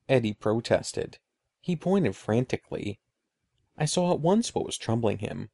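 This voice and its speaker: Man, storybook narrator, suspenseful, expressive, gravelly voice, lively intonation. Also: medium pitch, measured pace, no echo, clean studio sound. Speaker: audiobook narrator.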